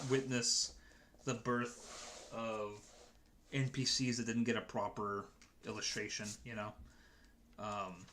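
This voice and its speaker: A man's voice: medium pitch, a bit bright, slight background noise. A man chatting casually to his stream viewers as a dungeon master, rambling and hesitant with many restarts.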